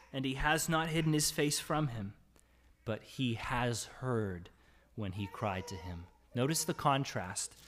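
A man preaching a sermon, reading psalm verses aloud and calling out the anguished cries with a raised voice, then dropping back to an easy conversational tone that often checks in with "right?". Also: a bit bright. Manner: reads scripture aloud and rises in pitch and volume when voicing anguished cries. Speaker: pastor.

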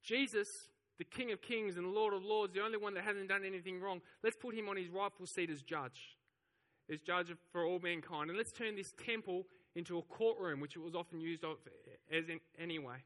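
A man's voice: sits high, fairly quick, a bit bright, long reverb tail. A man preaching a sermon, telling the story with animation and acting out the voices of the crowd. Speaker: pastor.

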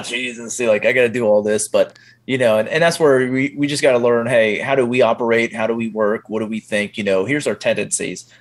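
Animated man telling stories as a guest. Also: fairly low pitch. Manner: animated storyteller, acts out his own inner voice. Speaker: podcast guest, men's group leader. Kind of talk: casual interview chat.

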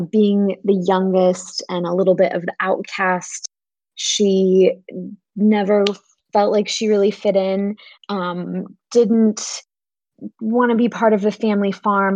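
A woman guest player describing her character in a halting way, pausing often with "um"s. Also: medium pitch, flat delivery, darkish tone, dry recording. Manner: halting, with many "um"s and pauses.

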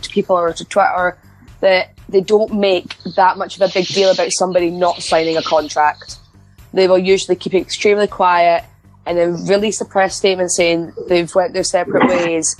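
A woman's voice: on the low side, level tone, moderate pace, soft background music, rough recording. A woman co-hosting a podcast, chatting casually and rambling with many restarts. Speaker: podcast co-host. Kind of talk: casual wrestling chat.

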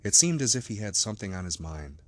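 A man reading a classic novel aloud as an audiobook narrator, in measured, even scripted narration. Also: fairly low pitch.

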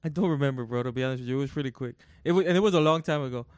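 A man's voice: medium pitch, rapid-fire, a little mellow, dry recording. Rambling man on a dry mic. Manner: rambling, self-correcting storyteller. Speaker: podcast co-host. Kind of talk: casual chat.

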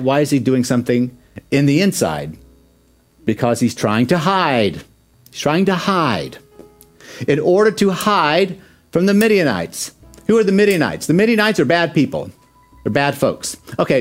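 A man preaching a sermon, lively and acting out the Bible story as he tells it. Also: on the high side. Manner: animated preaching that acts out the scripture. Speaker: pastor.

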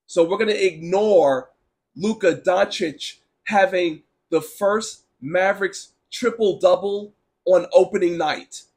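A man hosting a casual sports talk stream, ranting bluntly and sarcastically while answering chat, with a sore throat. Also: high-pitched. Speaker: sports talk show host.

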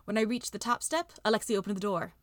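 A woman reads a story aloud in a steady, expressive narration. Her voice sits at a middle pitch, and the recording is dry and close, with no room sound. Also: quick pace, dry recording. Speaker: audiobook reader. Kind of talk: reading an AI-written story aloud.

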